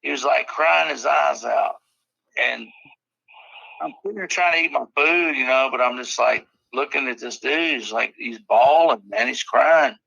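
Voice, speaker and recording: A man's voice: mid-range voice, moderate pace, vocal fry, pushed and bright, dry recording, dull audio. A man in a casual podcast chat, telling rambling stories full of swearing. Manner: profane, rambling storyteller. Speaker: podcast guest or co-host.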